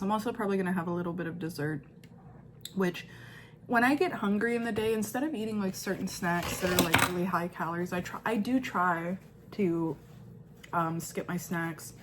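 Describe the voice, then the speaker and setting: A mother in her thirties talks through her day in a casual home vlog, rambling and restarting her sentences. Her voice sits low for a woman, with faint noise in the background. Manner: rambling, filler-heavy, self-correcting. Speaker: vlogger, mother.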